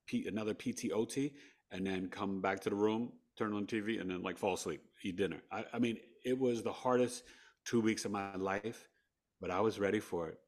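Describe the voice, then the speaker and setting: On a podcast, a guest from New York tells his story in a lively way, laughing a lot and performing the quoted lines in his New York accent. His voice is lowish.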